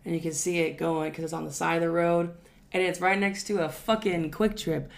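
A woman's voice: fairly low pitch, steady tone, fairly quick, vocal fry. A young woman, a podcast co-host telling stories in casual chat, loose and profane, often laughing.

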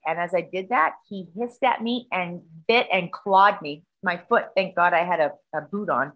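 A middle-aged woman spins a rambling story in casual conversation, swearing freely as she goes. Her voice is bright and forward. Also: lowish voice, moderate pace, hardly any pauses, rough recording. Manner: profane, rambling, animated.

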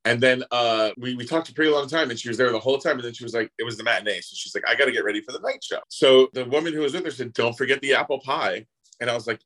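A man's voice: medium pitch, racing, low-quality recording. A man, an actor guest, telling anecdotes in casual chat and acting out the people he quotes. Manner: animated, voices others in quotes. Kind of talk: casual storytelling.

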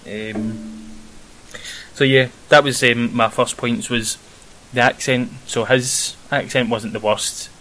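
A young Scottish man chatting casually about a film as a podcast co-host, rambling with many pauses and ums. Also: medium pitch, fairly even intonation, fairly bright tone, soft background music, poor audio. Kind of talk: casual film review chat. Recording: faint hiss.

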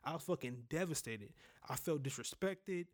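A man's voice: a little high, animated, moderate pace. Blunt young man telling a raw story. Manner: raw, blunt, profane, with many restarts. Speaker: podcast host. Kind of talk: candid personal storytelling.

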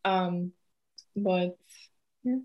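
A woman's voice: on the low side, extremely slow, muffled recording. A woman with a Jamaican accent hosting a casual podcast chat, laughing often and slipping into patois. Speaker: podcast host.

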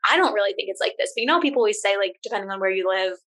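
A woman in her twenties with a New Jersey accent, co-hosting a casual chat, talking quickly and laughing often, full of "like" and the odd swear. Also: mid-range voice, expressive, a bit bright. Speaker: podcast co-host.

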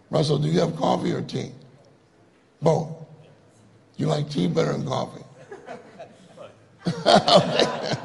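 A man's voice: mid-range voice, vocal fry. A man giving a conversational sermon, joking and laughing with the audience as he asks them questions. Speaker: conference speaker.

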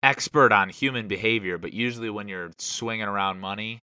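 A man's voice: lowish voice, a little fast, bright, forceful tone, clean tone, no room sound. A man hosting a casual chat, giving dry and wry reactions.

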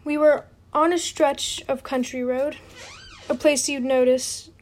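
A woman with a high, light voice reads a novel aloud at home at a slow, careful pace. Her reading is unpolished, with restarts and quick apologies when she trips over a word. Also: fairly even intonation. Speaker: reader. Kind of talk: amateur audiobook reading.

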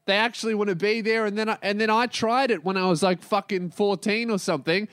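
A young man hosting his own podcast, ranting and yelling in a profane, rambling comedic monologue that jumps between topics. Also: high voice, steady tone, quick pace, smooth, no room sound, studio quality. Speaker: podcast host. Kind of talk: solo comedic podcast rant.

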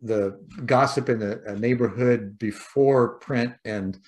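A man's voice: mid-range voice, slow, a little mellow. A man in casual conversation, reflective and philosophical, often restarting and repeating words.

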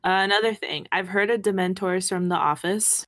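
A woman co-hosting a podcast in a relaxed, rambling way, full of fillers. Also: medium pitch, moderate pace, no room sound. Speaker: podcast co-host. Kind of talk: casual podcast chat.

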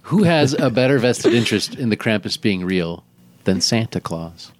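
Deadpan young man on a podcast. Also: fairly low pitch, moderate pace, no echo. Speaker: podcast co-host. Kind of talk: casual chat.

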